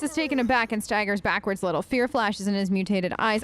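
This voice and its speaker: A woman's voice: medium pitch, fast talker. A woman hosting a let's play, chatting casually and reading game text aloud with restarts and asides.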